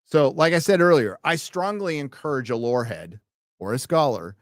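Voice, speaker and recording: A man's voice: mid-range voice, animated, moderate pace, dry recording, studio quality. Profane, rambling male livestream host. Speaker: livestream host reading viewer donations. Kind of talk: casual late-night livestream chat.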